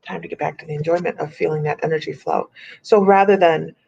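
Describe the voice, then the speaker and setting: A woman hosting a casual live-stream chat as a psychic medium, chatty and animated, laughing often. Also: sits low, fast talker, vocal fry, slightly rough. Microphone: computer or phone on a live video stream. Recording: muffled lo-fi stream audio.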